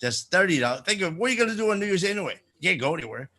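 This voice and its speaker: A man's voice: high-pitched, very animated, rapid-fire, bright, forceful tone. A man with a New Jersey accent hosting a casual radio chat, joking and rambling as he plugs an event. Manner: joking, rambling, self-interrupting. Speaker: radio show host.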